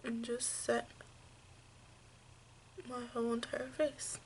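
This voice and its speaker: A woman giving a makeup tutorial, explaining each step slowly and gently, with frequent fillers. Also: a little high, flat delivery, slight background noise. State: hiccups. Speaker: makeup vlogger.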